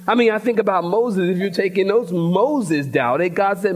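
A pastor from the preaching a sermon in church, telling a story in a lively way and calling out to his congregation. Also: sits high, normal speed, few pauses, soft background music. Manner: storytelling preacher, animated, addresses congregation directly. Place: church sanctuary.

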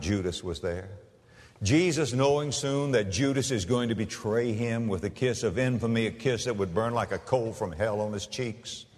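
A male pastor giving a sermon, swinging from loud cries to hushed tones. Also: fairly low pitch, long reverb tail.

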